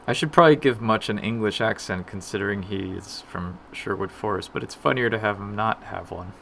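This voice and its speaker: A man's voice: on the low side, a little fast, vocal fry, fairly bright tone, a little hiss or hum. A man casually chatting on a live dev stream, self-deprecating and muttering to himself as he works. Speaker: game developer streaming his work.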